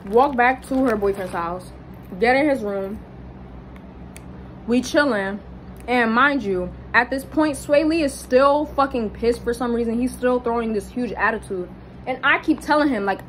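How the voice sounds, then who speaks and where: A young woman casually telling a personal story, animated and swearing, jumping up high when she quotes people. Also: unhurried, slight background noise, rough recording. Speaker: vlogger.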